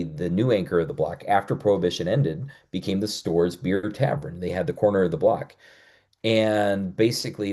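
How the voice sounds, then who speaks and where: Man, history podcast host, lowish voice, mellow tone, casual storytelling, lots of filler words. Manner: conversational storytelling with frequent "uh" fillers.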